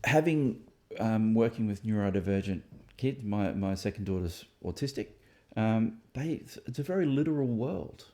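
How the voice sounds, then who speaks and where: A man with a low voice talks through his own ideas in a relaxed conversation. He is reflective and thinks aloud, pausing on fillers and starting sentences over as he goes. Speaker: author and host. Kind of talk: casual discussion.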